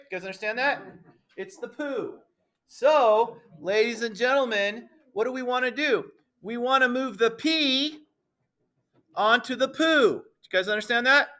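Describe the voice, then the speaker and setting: A man with a high voice leads a middle school math class in a playful, emphatic manner. He refers to the students as ladies and gentlemen and keeps checking that they all understand.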